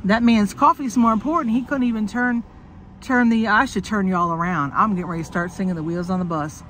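In this casual car vlog shot on a phone, the woman's medium-pitched voice moves fairly quickly with a fairly bright tone, and a little hiss or hum can be heard. She's under the weather with a cough but jokes around, swears, and laughs a lot.

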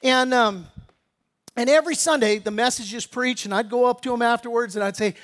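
Man, pastor, sermon, high voice, casual storytelling, earnest appeal. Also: expressive, brisk, a bit bright.

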